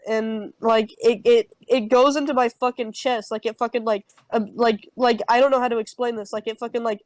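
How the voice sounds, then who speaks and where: A woman's voice: a little high, steady tone, normal speed, no echo, poor audio. A young woman telling an improvised comic campfire story on a podcast, rambling with heavy swearing and many fillers. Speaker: podcast co-host.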